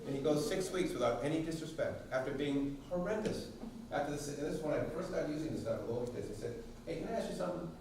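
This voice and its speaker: A man from Massachusetts presenting a parenting workshop, telling lively stories and acting out quotes for a room of parents. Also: a little high, quick pace, slight background noise. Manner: animated storyteller who acts out quotes and sings snippets. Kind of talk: storytelling talk to a parent audience. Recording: echoey hall recorded from far off.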